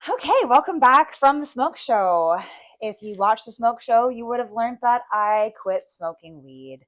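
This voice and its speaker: A woman's voice: fairly high pitch, expressive, a little slow, a bit bright, no room sound. A young adult woman co-hosting a podcast, telling personal stories candidly and emotionally, with frequent swearing. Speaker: podcast co-host. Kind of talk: casual chat.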